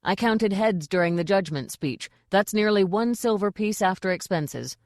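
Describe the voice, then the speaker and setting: A woman's voice: mid-range voice, expressive, darkish tone, no room sound, studio quality, natural voice. A woman voicing a shrewd, businesslike male troupe manager. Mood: firm. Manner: firm, brisk, businesslike.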